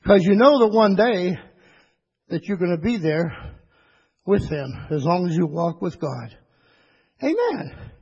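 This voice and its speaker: A man preaching a sermon to his church, rising into high, excited bursts and calling for amens. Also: takes it slowly, vocal fry, long pauses, breathy edge. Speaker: pastor. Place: church sanctuary. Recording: dull lo-fi church recording with long reverb.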